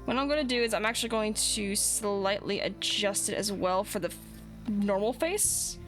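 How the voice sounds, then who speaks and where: A woman's voice: medium pitch, normal speed, soft background music. A young woman chatting casually as a streamer, rambling and swearing with lots of restarts. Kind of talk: casual chat while rigging a model.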